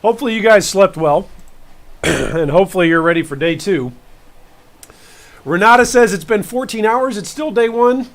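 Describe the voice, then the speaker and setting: A man's voice: high voice, expressive. A man putting on the voice of a rambling old farmer with a Southern country accent, telling folksy stories on a game stream. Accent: put-on Southern US rural. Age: older. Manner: drawling, rambling folksy storytelling with slow emphatic pauses. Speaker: gaming streamer host in character. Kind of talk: comic character bit on a game stream.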